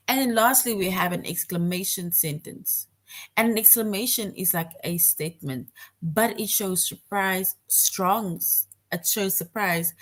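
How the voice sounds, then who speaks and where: A woman teaches a children's grammar lesson online. She is patient and goes over each point more than once. She often checks in with a quick "right?". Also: fairly low pitch.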